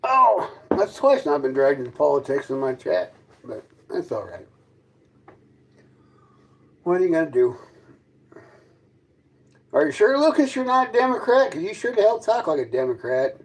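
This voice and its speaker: Streaming casually from inside his fifth-wheel trailer, a man hosts a livestream and trades sarcastic, combative jabs with his chat. His voice sits on the high side with a sing-song lilt, vocal fry and a husky edge, moving at a moderate pace broken by long pauses. The audio quality is poor.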